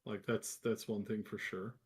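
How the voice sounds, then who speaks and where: A man co-hosting a live gaming news stream, explaining things in a calm, measured way. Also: on the low side, husky. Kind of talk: casual live-stream chat.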